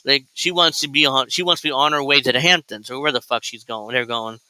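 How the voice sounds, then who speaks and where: Bright-voiced sarcastic male host. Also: medium pitch, quick pace, smooth, rough recording. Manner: sarcastic, crude, rambling. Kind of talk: political reaction commentary.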